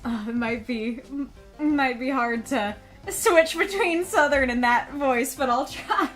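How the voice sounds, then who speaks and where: Giggly high-voiced woman streamer. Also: measured pace, fairly bright tone, soft background music. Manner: giggly, playful. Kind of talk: casual game commentary.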